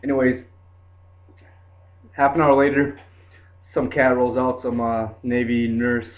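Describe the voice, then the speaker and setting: A man's voice: mid-range voice, little pitch movement, unhurried. A young man telling a story in a casual, rambling way, full of fillers like "like" and "dude". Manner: rambling, laid-back, lots of "like" and "dude". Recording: tinny lo-fi phone-like sound.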